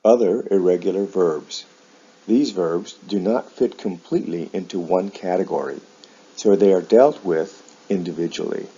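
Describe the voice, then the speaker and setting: A man teaching English verb forms, saying each example word slowly and carefully. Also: sits low, dark tone, slightly rough. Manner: slow, careful enunciation of example words. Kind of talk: slow explanatory pronunciation lesson. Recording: dull lo-fi sound.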